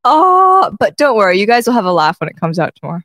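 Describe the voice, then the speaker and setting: A young woman co-host with an American-leaning non-native accent, chatting in a lively, playful way. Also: fairly low pitch, very fast, no room sound, clean studio sound. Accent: American-leaning non-native English. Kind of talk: casual chat.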